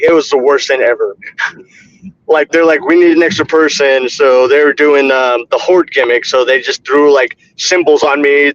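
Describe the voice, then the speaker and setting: A man's voice: medium pitch, a bit bright, dull audio. A man, a pro wrestler as guest, telling casual anecdotes, laughing often and acting out what people said. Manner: laughing, acts out quotes in anecdotes. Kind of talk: casual interview storytelling. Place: wrestling school gym.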